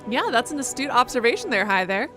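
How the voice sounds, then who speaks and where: A woman's voice: a little high, very animated, quick pace, over music. A woman streaming horror games live, chatting casually and cussing as she reacts. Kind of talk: live horror gameplay commentary.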